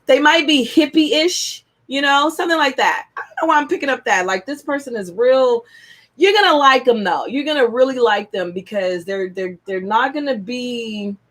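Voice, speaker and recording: A woman reading tarot cards on a live stream, chatty and excitable, with casual slang. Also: sits high, normal speed. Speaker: tarot reader.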